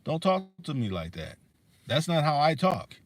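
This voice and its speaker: A man's voice: on the high side, sing-song, moderate pace, no room sound. A man hosting a livestream, ranting in a heated, profane way with many restarts and fillers. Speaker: livestream host. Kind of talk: casual rant on a livestream.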